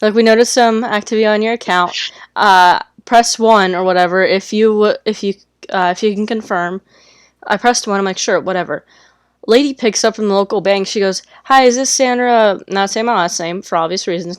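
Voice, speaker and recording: A woman's voice: medium pitch, fairly even intonation, fairly quick, smooth, no room sound, clean studio sound. A woman cohosting a podcast, telling a long story in a casual chat.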